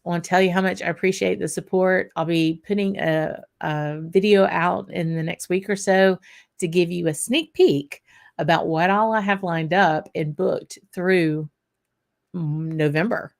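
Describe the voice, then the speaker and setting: Low-voiced chatty woman host. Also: a little slow, gravelly. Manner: chatty and relaxed, with frequent ums and light laughs. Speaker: host of a whisky tasting show. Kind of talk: casual podcast chat.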